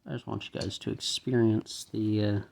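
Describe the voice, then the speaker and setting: A man's voice: on the low side, moderate pace, vocal fry. A man with a light Southern accent, casually talking himself through assembling a toy model step by step. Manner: relaxed, talks himself through each step. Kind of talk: casual step-by-step building commentary.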